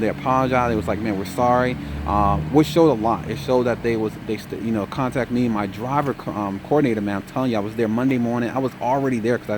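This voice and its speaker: A tired young man telling a story in a casual vlog update, relaxed, saying "man" a lot. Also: mid-range voice, noisy background. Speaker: trucking vlogger.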